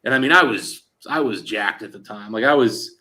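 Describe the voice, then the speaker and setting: Bright-voiced man telling a story. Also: fairly low pitch, moderate pace. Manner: animated storyteller quoting others in dialogue; frequent fillers like "like" and "he goes". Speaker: show host. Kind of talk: casual chat.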